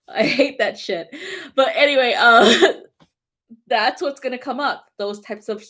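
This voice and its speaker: A woman's voice: fairly high pitch, moderate pace. Blunt, laughing woman astrologer. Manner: blunt, heavy swearing, frequent laughter; animated, talks directly to viewers. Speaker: astrology and tarot reader. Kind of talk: casual weekly astrology forecast.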